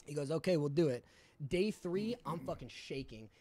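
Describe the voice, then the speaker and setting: A young man tells his story in a loose, candid way, swearing often and stumbling through fillers. His voice sits a little high for a man. The sound is dry and close, with no room echo. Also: expressive, moderate pace, mellow. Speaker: podcast guest. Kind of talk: casual storytelling.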